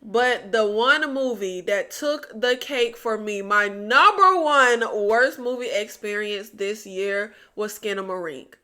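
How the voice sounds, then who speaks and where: A woman's voice: medium pitch, takes it slowly, hardly any pauses, pushed and bright, clean tone. A woman reviewing films in casual chat, blunt and exasperated, talking straight to her viewers. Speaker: movie reviewer.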